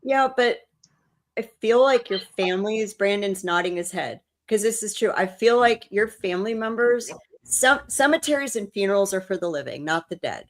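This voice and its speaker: A woman's voice: medium pitch, lively intonation, normal speed. A woman co-hosting a paranormal talk show, chatting casually and telling stories with emotion and frequent restarts. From New Orleans. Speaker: co-host. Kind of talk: casual chat.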